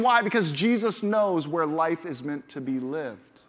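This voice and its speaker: Emphatic preacher in a big reverberant hall. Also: male voice, fairly high pitch, expressive, unhurried, few pauses. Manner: emphatic, repeats key phrases for effect. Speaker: pastor. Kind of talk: sermon. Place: large church auditorium. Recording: long hall reverb from a church.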